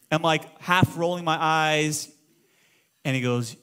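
A middle-aged man preaching a sermon as pastor, moving between loud exclamations and hushed storytelling. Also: fairly high pitch, measured pace, clean tone. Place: church auditorium.

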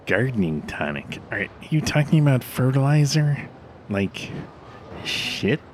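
A man's voice: mid-range voice, big pitch swings, a little slow, slight background noise, pitched above the performer's own voice. A man voicing a brash, crude young woman executive in a comedic audio drama. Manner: blunt, crude, mouth full.

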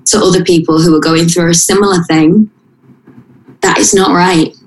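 A woman telling a painful personal story in an interview, halting and emotional, with frequent restarts. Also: fairly low pitch, fairly even intonation, a little hiss or hum. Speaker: interview guest. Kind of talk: personal account in conversation. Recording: roomy echo.

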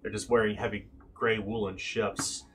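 A man running a tabletop game as game master, describing scenes in an animated way with frequent fillers. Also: lowish voice, normal speed, a little hiss or hum.

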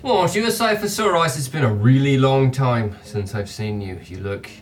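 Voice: medium pitch, animated, moderate pace, lightly acted. A man playing a chatty cheery tavern host. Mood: friendly. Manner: rambling, friendly, sweary. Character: cheery chatty male tavern host, one of many brothers. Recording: distant mic with faint music.

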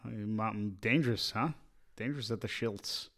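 A man's voice: lowish voice, moderate pace, a bit bright. A man co-hosting a podcast about fatherhood, chatting in a laid-back way with short quips and easy laughs. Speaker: podcast co-host. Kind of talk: casual chat.

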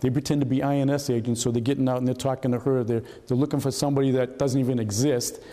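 An older man tells stories to an audience, his voice mellow and dark. He is animated and slips into the voices of the people he describes. The sound carries the long reverb of a hall. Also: mid-range voice, fast talker. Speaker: retired FBI agent telling stories. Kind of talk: anecdotal storytelling to an audience. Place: hall at a historical society talk.

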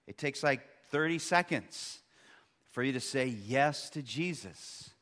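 A pastor in his thirties preaching a sermon, swinging between loud, emphatic peaks and quiet, hushed stretches. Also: mid-range voice, expressive, slow. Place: large church hall. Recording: long church hall reverb.

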